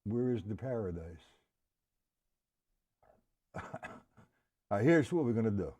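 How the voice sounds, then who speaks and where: A man's voice: lowish voice, lively intonation, measured pace, dark tone. A man teaching a live-streamed drum lesson, breaking patterns down step by step, counting beats aloud and speaking to viewers by name.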